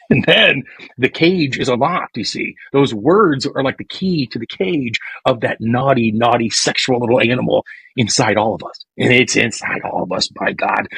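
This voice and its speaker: Husky rambling male podcast host. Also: medium pitch, a bit bright, dry recording, rough recording. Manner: rambling, bawdy, playful, acts out quoted lines. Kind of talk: crude comedic podcast banter.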